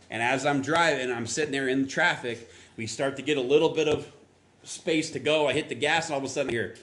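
Male pastor, mid-pitched, chatty storytelling sermon, voices the people in his anecdote. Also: fast, a bit bright. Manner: conversational storytelling, acts out quotes with rising pitch.

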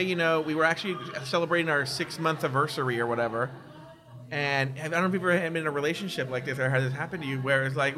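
Man, casual talk, bright ringing voice, fairly high, candid, animated. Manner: candid, animated storyteller, does mocking quoted voices. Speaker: podcast guest. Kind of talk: casual conversation.

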